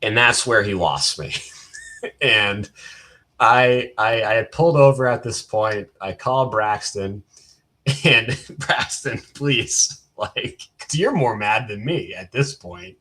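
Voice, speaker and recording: A young man co-hosts a casual podcast, recounting a story with frequent laughs. His voice sits low with a husky edge. He slips into quoted dialogue as he goes. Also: slow pace, sharp tone. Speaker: podcast co-host. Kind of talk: casual chat.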